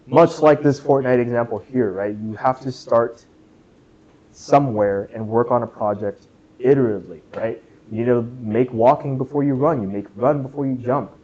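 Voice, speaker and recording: With a warm, medium-pitched voice, a young man lectures students in a classroom for a club workshop. He's chatty and playful, keeps asking the room questions, and says "right?" frequently; the recording's high end is cut off.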